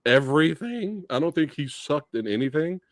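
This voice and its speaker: A man hosting a casual movie discussion show, excitable and laughing often as he talks. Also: on the high side, moderate pace, dry recording, clean studio sound. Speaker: podcast host.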